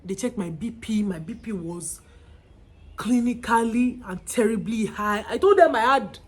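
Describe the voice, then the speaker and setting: Nigerian woman in her 20s, husky voice, telling her story all worked up. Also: fairly high pitch, measured pace. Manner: emotional, lively retelling. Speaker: vlogger. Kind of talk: casual storytelling.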